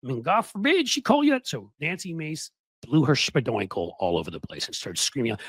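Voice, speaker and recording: A man hosting political commentary in a sarcastic, mocking, animated way. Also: mid-range voice, brisk, breathy edge, dry recording.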